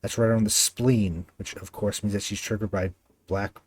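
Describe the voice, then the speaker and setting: A man voicing a brisk, clinical woman scholar who studies souls. She speaks in a haughty way. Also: fairly low pitch, steady tone, slightly rough.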